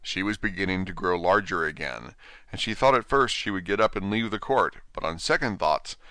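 A man narrating a storybook in an expressive, animated way on a close mic. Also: sits low, normal speed, no room sound. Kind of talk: storybook reading.

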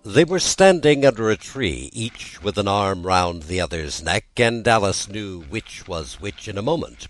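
A man reading a classic storybook aloud as narrator, with an expressive delivery. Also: low voice, moderate pace, low-quality recording. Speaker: audiobook narrator.

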